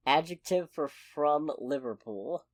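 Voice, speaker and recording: A woman co-hosting a podcast in loose, casual chat. Her voice sits a little low but swings widely in pitch as she rambles and corrects herself. The sound is close and dry. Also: lively intonation, slow, no echo. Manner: rambling, self-correcting, jokey. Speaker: podcast co-host.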